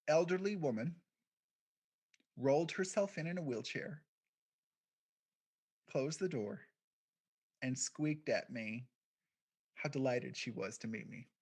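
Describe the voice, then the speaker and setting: A man of middle pitch telling his own story as a keynote talk, speaking quietly and reflectively. He leans on deliberate pauses between phrases and lets his sentences trail into short fragments. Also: expressive, husky. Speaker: keynote speaker, podcast founder.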